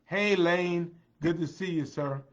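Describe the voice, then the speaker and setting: A man's voice: high-pitched, takes it slowly, highs cut off. A tired man hosts a casual livestream, greeting viewers by name and repeating his phrases. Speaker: livestream host.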